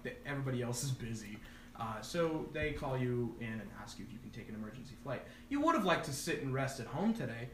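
A man running a tabletop game as game master, narrating casually with many fillers. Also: mid-range voice. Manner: casual, rambling, lots of fillers and restarts. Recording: echoey room, distant mic, noisy.

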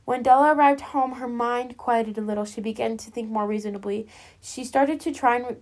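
A woman reading a classic story aloud as a storyteller, gently addressing her listeners as friends. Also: fairly high pitch, moderate pace.

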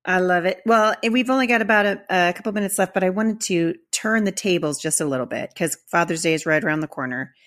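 A woman hosts a podcast in casual conversation, warm and encouraging. Her voice sits a little low for a woman. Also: fast talker, few pauses. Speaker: podcast host. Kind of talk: casual chat.

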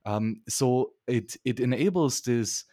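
A man's voice: mid-range voice, animated, slow, mellow, no room sound, clean studio sound. A man being interviewed on a podcast, talking in a friendly, thoughtful way with many fillers. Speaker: podcast guest. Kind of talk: casual interview talk.

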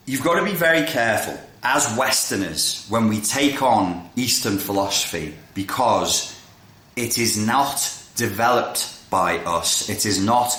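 A man with a somewhat low voice rattles through an explanation in a loose, chatty way. He gets carried away, stops himself mid-thought and starts again. The room around him gives his voice a noticeable echo. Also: unhurried. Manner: excitable, self-interrupting, jumps between tangents. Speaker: video creator explaining philosophy. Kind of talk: casual spoken explainer. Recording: roomy echo.

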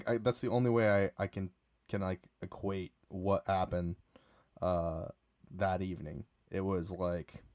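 A man's voice: deep voice, a little mellow, no room sound, clean studio sound. A young man telling a casual, rambling story about a night out, full of restarts and fillers.

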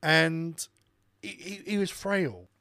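A man's voice: a little high, takes it slowly, creaky, sharp tone, dry recording, studio quality. A man on a casual podcast, telling a heated, sweary anecdote and acting out the people in it. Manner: heated, sweary storyteller who acts out the people in his story. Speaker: podcast co-host and radio presenter. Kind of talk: casual chat, ranting anecdote.

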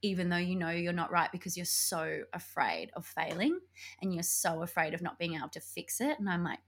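A young adult woman, co-hosting a podcast and telling a breakup story in casual chat, animated and laughing often. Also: on the low side, a little fast, husky. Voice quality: animated, laughs often, acts out quoted voices. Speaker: podcast co-host.

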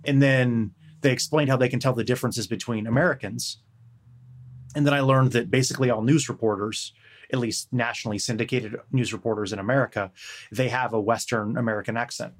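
A man's voice: mid-range voice, fairly even intonation, fairly quick. A man in casual chat, telling a meandering story and swearing now and then.

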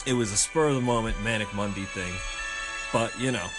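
A man's voice: on the low side, brisk, over music. A man hosting a casual podcast, reacting with exclamations and jokes. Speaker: podcast host. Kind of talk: casual chat.

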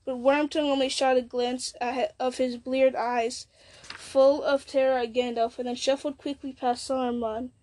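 A woman narrating an audiobook in a measured, steady way. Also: high-pitched. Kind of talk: audiobook reading.

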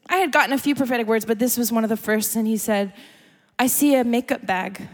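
A young adult woman giving a sermon as a story, chatty and animated, laughing often. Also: on the high side. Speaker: speaker. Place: church gathering hall. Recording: long hall reverb.

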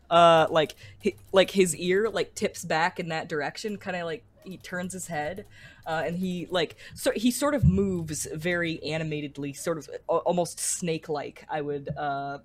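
A woman running a tabletop game as game master, describing scenes with many fillers and restarts. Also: fairly low pitch.

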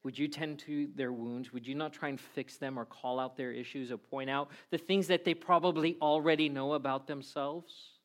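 Animated pastor, man preaching. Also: fairly high pitch, normal speed, hardly any pauses. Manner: animated storytelling with acted-out voices. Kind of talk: sermon. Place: church.

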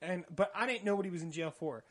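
A young man with a slightly high voice tells a dating story in a relaxed podcast chat. He is animated and laughs his way through the awkward parts. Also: fast talker. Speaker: podcast co-host. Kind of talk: casual storytelling.

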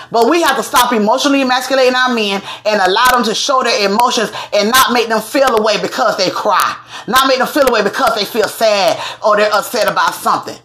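Woman host, fairly high voice, casual and blunt commentary, swears freely. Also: a bit bright, slight background noise.

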